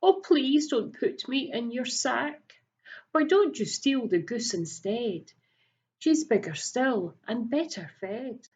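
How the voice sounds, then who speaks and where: A soft pleading duck, voiced by a woman. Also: fairly high pitch, expressive, takes it slowly, slightly rough, pitched above the performer's own voice, full character voice. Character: pleading downy female duck. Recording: dull lo-fi recording.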